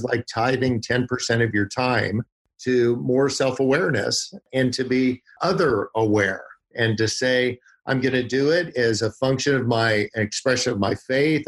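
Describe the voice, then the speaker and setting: A man's voice: medium pitch, husky. A man, a podcast guest, giving advice through folksy stories and vivid images. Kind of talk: podcast interview.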